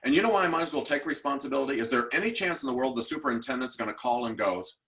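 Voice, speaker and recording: A man in his sixties giving a motivational talk as an education speaker, telling lively stories and putting direct questions to his audience. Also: medium pitch, racing, creaky, hardly any pauses. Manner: animated storyteller who acts out quoted voices.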